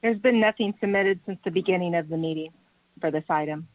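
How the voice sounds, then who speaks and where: Woman clerk, lowish voice, phone-thin sound, matter-of-fact. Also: a little fast. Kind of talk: procedural explanation. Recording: dry tinny phone-like line.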